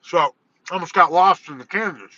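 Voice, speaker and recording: A man with a high, very bright voice tells a meandering story in a casual vlog, quoting himself and cursing freely. The sound is dry and a little muffled, with little room around it. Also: brisk, no room sound. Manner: rambling, swears, quotes himself. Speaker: vlogger. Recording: dull lo-fi sound.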